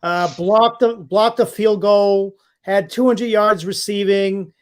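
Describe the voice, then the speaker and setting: High-pitched man reminiscing. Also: steady tone, slow. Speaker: podcast co-host. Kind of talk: casual sports chat.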